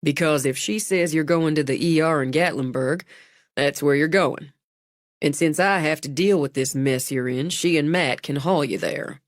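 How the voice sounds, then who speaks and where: A woman's voice: sits low, normal speed, dry recording, studio quality, natural voice. A woman reading voices a small-town lawman who talks in a mild, matter-of-fact way. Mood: calm, official.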